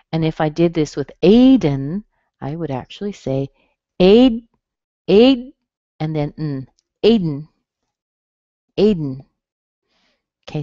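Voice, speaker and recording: A woman's voice: deep voice, a little mellow, no echo. An American woman teaching a live online pronunciation class, explaining patiently and drawing out the sounds she demonstrates. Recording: dry, dull lo-fi webinar audio.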